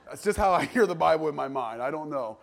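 Animated, slightly high-voiced male preacher. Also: quick pace, gravelly. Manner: animated, with sudden jumps in pitch and loudness; conversational, joking asides. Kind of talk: sermon.

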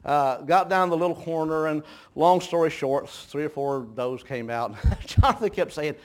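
A man's voice: on the high side, moderate pace. A man preaching a folksy sermon, telling homespun stories, chuckling often and stumbling over repeated words.

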